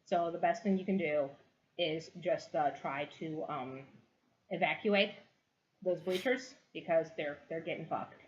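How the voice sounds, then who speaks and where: A woman's voice: sits low, unhurried, slight background noise. A woman narrating as game master of a tabletop game, giggly and rambling with many fillers, on a dull lo-fi recording.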